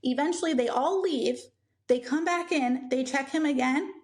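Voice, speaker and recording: A young woman co-hosting a podcast, telling a personal story in a casual, animated way and acting out what people said. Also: high-pitched, moderate pace. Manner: animated, acts out quoted people, many "like" fillers. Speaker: podcast co-host.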